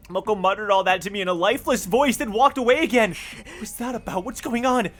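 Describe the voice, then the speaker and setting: A streamer giving let's play commentary with jumpy, excitable reactions while reading a story game aloud. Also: medium pitch, fast, faint music behind.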